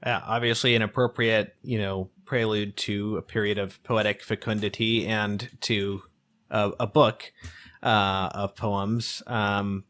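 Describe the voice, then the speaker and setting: A man hosting a podcast, asking a guest questions haltingly, with many fillers. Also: fairly low pitch, flat delivery, fairly bright tone. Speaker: podcast host. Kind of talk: interview question.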